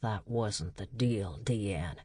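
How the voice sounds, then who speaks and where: A woman putting on a gruff, growling young man. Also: measured pace, a little mellow, no room sound, clean studio sound. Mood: quiet warning. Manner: low growling, restrained.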